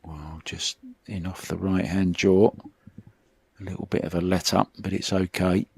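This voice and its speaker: A middle-aged man commentating on a pool final. His voice is very low and gravelly, with a husky edge. He talks in a chatty, reminiscing way, and the sound is dry and close. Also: level tone, a little slow, darkish tone, no room sound. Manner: chatty, reminiscing between shots.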